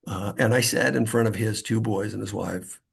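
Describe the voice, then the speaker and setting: Gravelly middle-aged male guest, anecdotal storyteller, loose and filler-heavy. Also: lowish voice, steady tone, normal speed. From California. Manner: anecdotal, acts out quoted voices, frequent fillers. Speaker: guest author. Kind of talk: storytelling interview.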